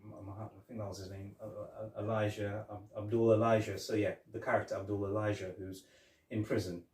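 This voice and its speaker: Man, movie podcast co-host, halting rambling delivery, roomy echo, set back from the mic. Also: fairly low pitch, flat delivery, a little mellow, recorded from a distance. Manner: rambling, halting, many restarts and fillers. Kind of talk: casual film review chat. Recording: echoey room, voice off-mic.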